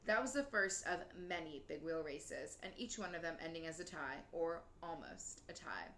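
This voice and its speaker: A woman reading a children's novel aloud in a steady, gently expressive way. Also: sits low, normal speed. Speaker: reader. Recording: roomy with faint noise.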